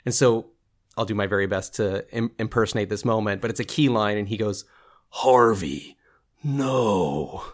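A man's voice: on the low side, flat delivery, fast talker. A man in his thirties talking as a guest on a podcast, enthusiastic and laughing often. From Southern California. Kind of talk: casual interview chat.

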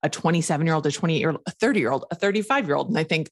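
A woman's voice: sits low, animated, very fast, no room sound, studio quality. A woman in her thirties from Minnesota with a Minnesotan accent, candidly telling her story as a podcast guest with wry, self-deprecating humor over a call. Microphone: remote call.

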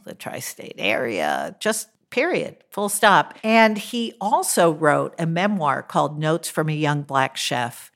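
A woman hosting a podcast, talking in an upbeat, chatty way and drawing out her phrases. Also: low voice. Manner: upbeat, conversational, slow and drawn out on phrases. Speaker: podcast host. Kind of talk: casual chatty monologue. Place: rented house.

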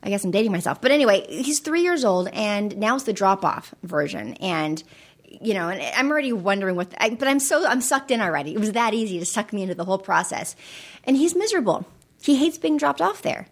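A middle-aged woman telling stories in casual conversation, animated, often acting out the voices of people in her anecdotes. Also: medium pitch, fairly quick. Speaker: guest.

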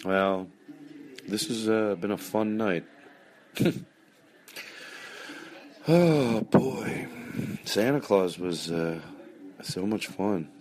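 A middle-aged man hosting a podcast, rambling casually and jokingly, and slipping into high mocking voices when he acts out bits. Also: lively intonation, extremely slow, pauses often, a little mellow. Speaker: podcast host.

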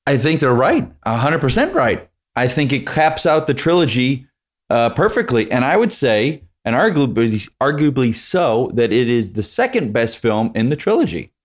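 A man's voice: medium pitch, sing-song, moderate pace. A man appearing as a podcast guest, confident and enthusiastic as he shares his opinions. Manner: confident, enthusiastic, offers hot takes. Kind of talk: casual podcast chat.

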